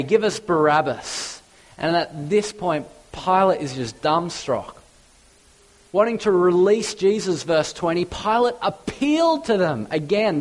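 Impassioned male preacher, slow and emphatic. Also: low-quality recording. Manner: impassioned, building lists to loud peaks, then dropping low and hushed. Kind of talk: sermon.

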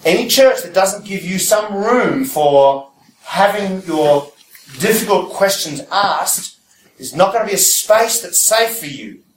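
A man's voice: sits high, lively intonation, a little slow, distant mic, slight background noise. Preacher man in a roomy hall. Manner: checks in with listeners with rhetorical questions. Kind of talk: conversational sermon.

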